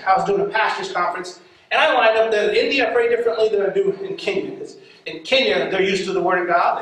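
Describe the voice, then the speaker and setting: Lively preacher guy telling stories, laughs a lot, big echoey church sound. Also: sits high. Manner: lively, laughing often, acting out voices. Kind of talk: storytelling sermon. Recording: echoey hall, mic far off.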